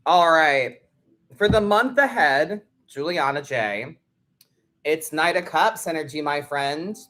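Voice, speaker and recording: A woman's voice: deep voice, animated, takes it slowly, a bit bright. A woman hosting a live tarot stream, chatting casually and bluntly with viewers and swearing freely. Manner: blunt and sweary, talks straight to the chat.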